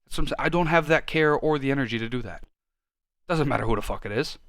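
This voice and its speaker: A man co-hosting a podcast in casual chat, ranting and swearing freely and getting loud when worked up. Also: medium pitch, fast talker, no room sound, studio quality. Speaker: podcast co-host.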